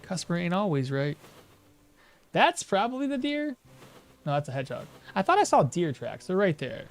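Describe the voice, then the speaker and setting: A young man streaming a survival game, chatting loosely and telling a profane story with sudden loud outbursts. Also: sits high, very animated, moderate pace. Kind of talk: casual gameplay commentary.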